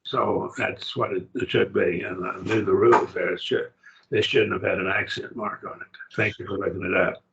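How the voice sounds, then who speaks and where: A man's voice: low voice, steady tone, normal speed, vocal fry, dull audio, background noise. An older man teaching a Greek grammar lesson, patient, checking that his student follows. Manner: patient, explains step by step, checks understanding.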